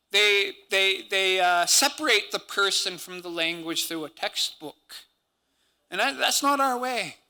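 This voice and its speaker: A man's voice: high-pitched, bright, forceful tone. A man from Montana giving an earnest, conversational talk at a language symposium as a speaker and language teacher, dropping native-language words into his English. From Montana, USA. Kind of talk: conference talk.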